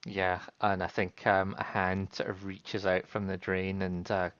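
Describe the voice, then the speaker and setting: Slow, low-voiced man telling a story. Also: monotone, fairly bright tone, no room sound, dull audio. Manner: halting, filler-heavy storytelling. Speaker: player. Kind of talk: narrating a tabletop game.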